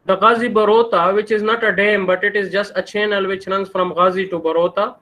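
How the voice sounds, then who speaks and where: A man's voice: high voice, steady tone, brisk, sharp tone, low-quality recording. A man with a Pakistani English accent giving a university engineering lecture, posing questions to the class and answering them himself.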